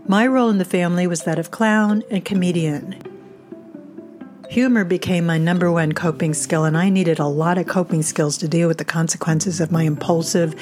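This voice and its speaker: A woman's voice: lowish voice, a little mellow. A woman from the United States hosting a podcast, telling a scripted humorous story in a wry, self-mocking way. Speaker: podcast host.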